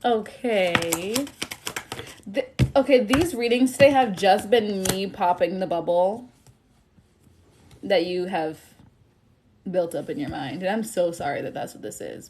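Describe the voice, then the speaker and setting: A woman's voice: medium pitch, expressive, unhurried, noisy background. Chatty woman giving a blunt tarot reading. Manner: chatty, blunt, apologetic about bad news. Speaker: tarot reader. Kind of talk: casual livestream reading.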